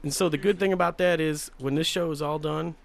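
A man's voice: on the high side, steady tone, fairly quick, creaky. A man from a band chatting casually on air in a radio studio, easygoing with chuckling asides. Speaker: band member.

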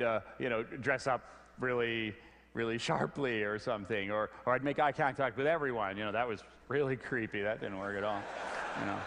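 A middle-aged man giving a storytelling talk on stage, animated, often stumbling over repeated words. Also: medium pitch, a little hiss or hum. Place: large hall before an audience. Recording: long hall reverb.

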